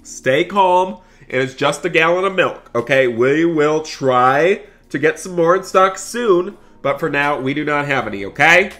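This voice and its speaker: A man hosting a gaming roleplay video as a store cashier, excitable, switching between chatting with viewers and scolding customers. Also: a little high, moderate pace, hardly any pauses, soft background music.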